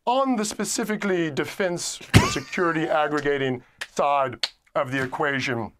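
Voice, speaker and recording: A man speaking in a slow, deliberate, affected manner, as if weighing every word. His lips stay loose and relaxed, so the words come out drawn-out and soft-edged. The pitch sits a little above the usual for a man. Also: noisy background. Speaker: academic guest in archived clip. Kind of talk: measured interview answer.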